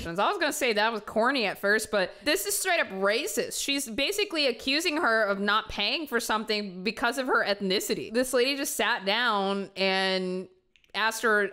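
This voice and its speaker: A woman's voice: on the high side, expressive, normal speed, pushed and bright. A woman streamer giving blunt, casual reaction commentary and reading an ad, swearing freely.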